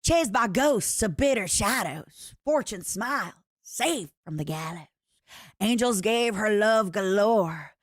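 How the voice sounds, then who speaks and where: A woman's voice: medium pitch, expressive, no room sound, clean studio sound. A woman putting on a grand accented poem reciter. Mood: theatrical. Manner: slow, sing-song recitation in a put-on accent.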